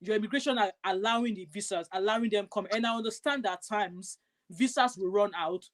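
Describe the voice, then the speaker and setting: Woman, Nigerian accent, fast talker, emphatic, repetitive, live stream rant. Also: mid-range voice. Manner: emphatic, repetitive, forceful ranting. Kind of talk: impassioned live stream talk. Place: United Kingdom.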